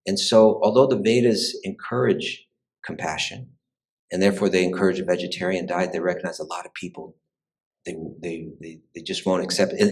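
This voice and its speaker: A man with a very low voice teaches a lecture on the history of spirituality. He speaks in a conversational way, often restarting sentences and repeating words as he thinks, and keeps checking in with "you know" and "right". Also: rough recording.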